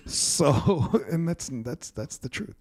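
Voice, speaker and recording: A man's voice: fairly high pitch, sing-song, slow, darkish tone. A man in his fifties hosting a podcast, rambling through stories and acting out family members. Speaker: podcast host. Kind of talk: casual storytelling chat.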